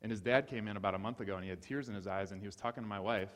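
A man's voice: fairly low pitch, rapid-fire, fairly bright tone. A man from Ohio giving a sermon-style talk, telling stories with animation and repeating key phrases for emphasis. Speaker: speaker. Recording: reverberant hall.

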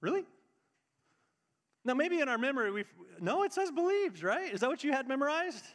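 A male pastor preaching a lively live sermon to his congregation. He talks straight to them and climbs to emphatic peaks. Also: extremely high pitch, a little fast. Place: church sanctuary with congregation. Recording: reverberant church hall.

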